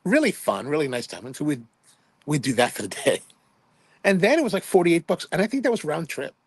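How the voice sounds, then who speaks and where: A man's voice: a little high, very animated, fairly quick, slightly rough, no room sound. A man in his fifties from Hawaii, hosting a livestream and telling rambling, chatty anecdotes in which he quotes himself playfully. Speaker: livestream host. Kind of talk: casual livestream storytelling.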